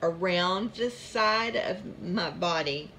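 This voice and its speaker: A woman's voice: lowish voice, slow pace, bright, forceful tone, slight background noise. A woman casually telling a long personal story about her chronic pain, chatty and rambling, with many asides.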